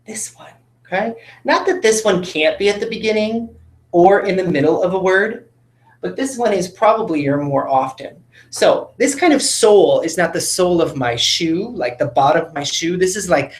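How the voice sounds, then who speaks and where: A man's voice: high-pitched, expressive, normal speed, echoey room. A male teacher giving a patient phonics lesson to children, coaxing them along with tag questions.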